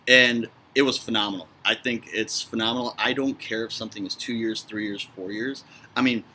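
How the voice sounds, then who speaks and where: A man's voice: on the low side, steady tone, brisk, sharp tone, slight background noise. A man with a Chicago accent, a guest on a casual whiskey review, talking in an enthusiastic, chatty way. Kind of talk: casual tasting review chat.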